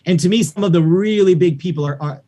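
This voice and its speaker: A man, a record producer guest, chatting casually on a podcast and telling animated stories with acted-out quotes. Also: high-pitched, fast. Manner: animated storytelling, acts out quoted voices.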